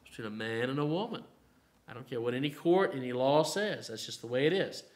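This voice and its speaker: Animated and brisk, this mid-range male voice belongs to an Appalachian Southern pastor running a mid-week Bible study. His talk is conversational and peppered with "you know," rising now and then into emphatic statements.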